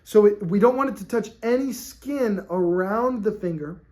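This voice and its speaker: A mellow, mid-pitched voice of a ukulele teacher filming a lesson. The teacher talks patiently and kindly, tags almost every instruction with "okay?" and counts the beat out loud while strumming along. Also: normal speed. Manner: friendly, checks in with "okay?" constantly. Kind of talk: on-camera music lesson.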